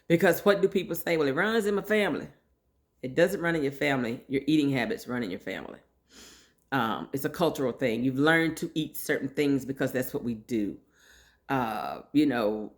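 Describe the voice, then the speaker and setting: A woman telling her personal story in a casual, chatty way, talking straight to her listeners. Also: rumbling low. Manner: chatty, animated, addresses listeners directly. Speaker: host sharing her health story.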